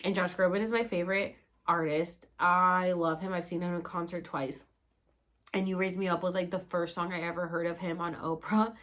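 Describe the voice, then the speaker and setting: A young woman vlogging to camera, telling a personal story in a casual, animated way, with lots of swearing and "like" fillers. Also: fairly low pitch, normal speed.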